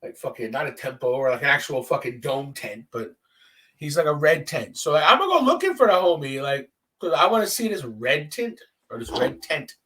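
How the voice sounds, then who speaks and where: Man, podcast host, high lively voice, bright tone, profane storytelling, distant mic. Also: a little fast. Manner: animated, profane, acts out quoted dialogue. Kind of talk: casual solo storytelling.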